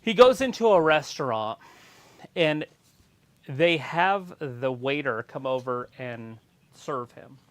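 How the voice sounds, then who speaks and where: A man co-hosting a live wrestling watch-along stream, chatting casually and telling animated stories with plenty of swearing. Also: medium pitch, slow, smooth. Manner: animated storyteller, swears freely, sings off-key snippets.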